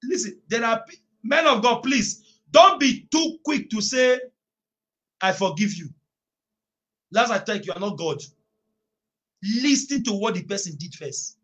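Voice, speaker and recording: High, bright-voiced preacher man, slow and emphatic. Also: animated. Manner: emphatic, repeats phrases, bursts into drawn-out shouts. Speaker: preacher leading a prayer meeting. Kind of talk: online sermon with scripture reading.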